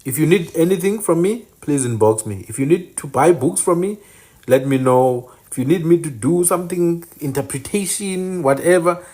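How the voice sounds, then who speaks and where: A man's voice: on the high side, normal speed, mellow, slightly rough. Insistent man teaching. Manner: emphatic, corrects names insistently and repeats them. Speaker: channel host teaching indigenous place names. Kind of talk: informal teaching monologue.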